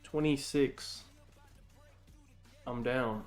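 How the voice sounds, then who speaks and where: A man streaming live, reacting to a match in a casual, excitable, profane way and laughing often. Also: medium pitch, extremely slow, soft background music.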